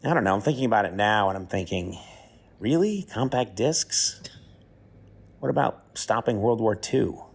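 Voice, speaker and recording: A man's voice: fairly low pitch, quick pace, vocal fry, hardly any pauses, slightly rough. A man giving a comedic recorded answer, rambling and mocking himself as he second-guesses his choice. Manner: rambling, self-mocking, talks himself into doubt. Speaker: celebrity guest sending a recorded question. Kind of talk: comedic monologue.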